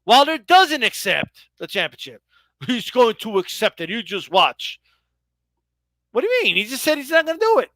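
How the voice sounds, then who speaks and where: A man giving heated boxing commentary on a live stream, sarcastic and exasperated, talking in rapid rants. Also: extremely high pitch, big pitch swings, pushed and bright, dry recording.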